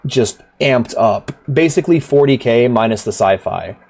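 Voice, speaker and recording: A man chatting on a game livestream, rambling and profane, with frequent laughs. His pitch swings up and down as he gets carried away. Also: lively intonation, normal speed, gravelly, darkish tone. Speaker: streamer. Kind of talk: casual livestream chat.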